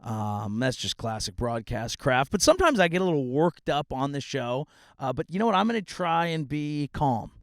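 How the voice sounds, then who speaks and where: Sarcastic rambling comedian, dry sound. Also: male voice, medium pitch, big pitch swings, normal speed, no echo. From California. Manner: sarcastic, rambling, bursts into shouting. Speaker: comedian podcast host. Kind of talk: comedic monologue. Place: outdoors in a grassy meadow.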